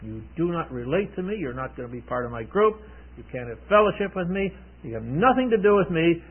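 A man voicing a calm, firm adult male teacher, measured and plain, on a tinny phone-band radio broadcast. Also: a little high, slightly rough, heavily acted.

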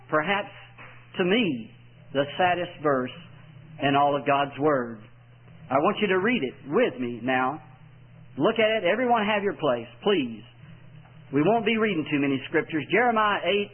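A man from Texas, preaching a folksy evangelistic sermon and repeating his key lines for emphasis. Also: on the high side. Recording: tinny lo-fi old tape.

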